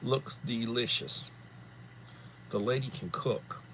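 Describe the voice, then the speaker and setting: A tired, yawning man hosting a casual livestream chat, rambling and unhurried, often repeating words. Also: mid-range voice, a bit bright, a little hiss or hum. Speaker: livestream host.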